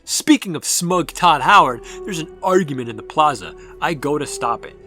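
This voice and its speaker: A man's voice: fairly high pitch, animated, moderate pace, bright, forceful tone, faint music behind. A man narrating a sarcastic game review, ranting and exasperated. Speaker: gaming video reviewer.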